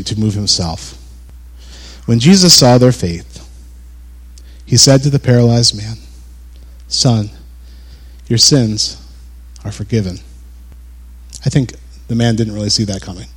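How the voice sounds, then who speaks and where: A man in the middle of a Bible teaching, talking in a relaxed, chatty way. His pitch sits at an ordinary middle level. He chuckles now and then and acts out the voices of the people he quotes. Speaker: preacher.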